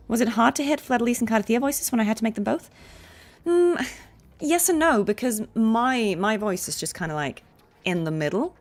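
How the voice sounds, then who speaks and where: A voice actress chatting casually on a game stream and answering viewer questions. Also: female voice, mid-range voice, animated, moderate pace, soft background music. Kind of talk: casual livestream chat.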